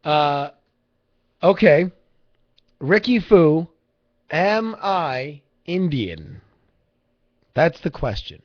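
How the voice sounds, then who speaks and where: A man's voice: fairly high pitch, very animated, very slow, long pauses. A man hosting a casual livestream, rambling, swearing freely and joking with viewers in chat. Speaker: livestream host. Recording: lo-fi livestream audio.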